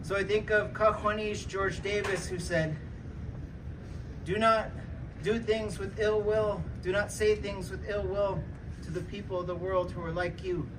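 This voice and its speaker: A man delivers a slow, heartfelt speech to a welcoming gathering at an airport. His voice is fairly high. He is recorded from a distance, and loud background noise surrounds him. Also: little pitch movement. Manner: slow, heartfelt, speaks an Indigenous language before switching to English. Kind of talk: public speech. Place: airport arrival hall.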